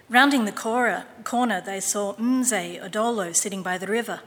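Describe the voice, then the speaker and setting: A woman reading aloud with a crisp, bright tone, pacing her words in a clear, measured way. Her voice trails off into a long hall reverb. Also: mid-range voice. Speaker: reader. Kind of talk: reading scripture and a picture book aloud.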